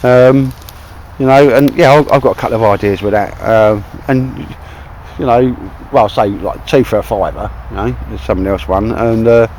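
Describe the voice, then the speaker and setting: An outdoor vlogger with a Cockney accent chats casually to camera in a wet wood, rambling and chummy, and keeps calling his mate "mate." His voice is mid-range and somewhat dark, at a moderate pace. The audio is poor, with slight background noise.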